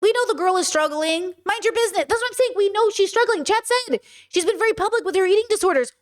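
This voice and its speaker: Young female reaction host, high voice, ranty, exasperated commentary. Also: quick pace. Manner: animated, exasperated, swears and ranting.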